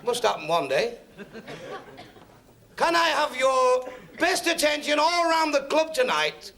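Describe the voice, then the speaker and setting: A man's voice: very high-pitched, sing-song, measured pace, bright, forceful tone. A man compering at a club, introducing the next act with dry joking banter. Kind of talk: introducing acts. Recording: old club recording with crowd laughter and noise.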